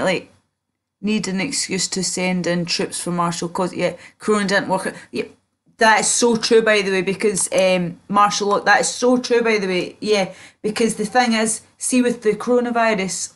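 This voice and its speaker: A young woman from Scotland rambles to her livestream chat from home, swearing freely and drifting between the news and her own sore back. Her voice sits at an ordinary middle pitch, picked up by a simple webcam or phone mic. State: sore back, just out of the shower.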